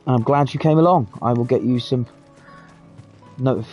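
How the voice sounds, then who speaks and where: A man's voice: mid-range voice, normal speed, a little mellow, breathy edge, soft background music. A British man chatting casually and swearing freely as he streams a game. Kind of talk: casual live gameplay commentary.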